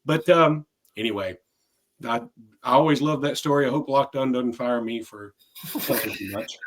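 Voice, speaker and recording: Male podcast co-host, middle pitch, loose and rambling storyteller who restarts a lot. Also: moderate pace, slight background noise. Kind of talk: casual sports podcast chat.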